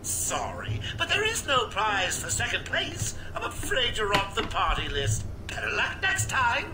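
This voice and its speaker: A smug video game villain sneers with wild swings of pitch, unhurried and sarcastic. The voice sits fairly high. Clear noise runs under the game audio. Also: wildly swooping pitch. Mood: sneering. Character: smug, theatrical villain mocking the hero.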